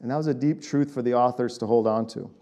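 A man's voice: medium pitch, fast, mellow. Conversational man in his late thirties preaching. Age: late 30s. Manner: conversational, checks in with "right?". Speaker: pastor. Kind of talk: sermon.

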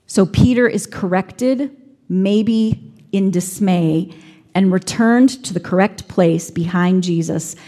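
Female preacher, reflective sermon delivery, mid-range pitch. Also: slow, warm tone. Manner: reflective, acting out quoted speech.

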